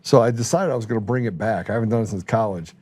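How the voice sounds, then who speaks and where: Middle-aged male host, joking storyteller, warm mellow voice. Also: on the low side, very fast, slightly rough. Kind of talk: casual chat.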